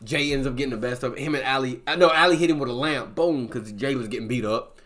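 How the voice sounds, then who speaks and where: A man's voice: mid-range voice, quick pace, fairly bright tone. A man recapping a film plot in a casual, rambling way, with constant filler words. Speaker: movie reviewer.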